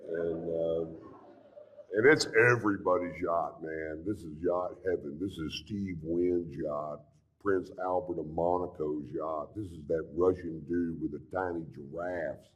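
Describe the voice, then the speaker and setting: Middle-aged male stand-up comic, very low voice, laid-back cursing drawl, muffled live recording. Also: steady tone, measured pace. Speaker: stand-up comedian. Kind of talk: stand-up storytelling.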